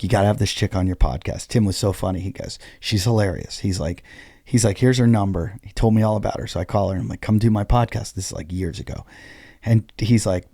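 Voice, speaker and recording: A man's voice: lowish voice, creaky, a little mellow, dry recording, clean studio sound. A man, a comedian, telling stories in a casual podcast chat and acting out both sides of the dialogue in a loose, rambling way. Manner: loose, rambling with many fillers.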